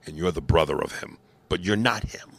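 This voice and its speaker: A man co-hosting a podcast in casual chat, animated and profane, acting out movie scenes as he talks. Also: very deep voice, brisk, vocal fry, breathy edge. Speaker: podcast co-host.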